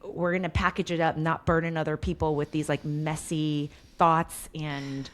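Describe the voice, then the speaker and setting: A woman guest on a podcast speaks casually in a slightly low voice. She often voices agreement with the hosts and backs up what they say. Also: level tone, moderate pace. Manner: warm, agreeing, with frequent affirmations. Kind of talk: casual conversation.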